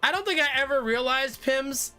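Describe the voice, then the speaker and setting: A man with a high, bright voice chats loosely with his viewers while he plays, breaking into laughs and answering their comments. Quiet game music plays behind him. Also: expressive, normal speed. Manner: chatty, laughs often, reads out viewer comments. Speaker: game streamer. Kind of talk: casual live-stream chat.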